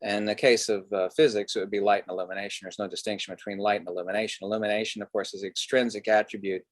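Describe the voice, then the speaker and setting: Man, low voice, dry close sound, rambling lecture-style podcast guest. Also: little pitch movement, very fast, no room sound. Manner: discursive, lecturing, many fillers. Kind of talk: philosophical conversation.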